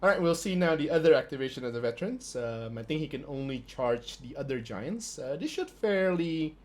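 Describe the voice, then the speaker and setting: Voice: medium pitch, lively intonation, fairly quick. A stream host commentating a tabletop wargame live, laughing constantly and swearing in disbelief at the dice rolls.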